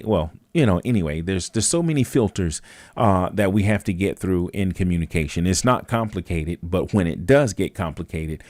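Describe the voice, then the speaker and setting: A man's voice: sits low, darkish tone, dry recording, studio quality. A man hosting a live talk stream, speaking casually and thoughtfully, with frequent fillers and restarts. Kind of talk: casual reflective monologue.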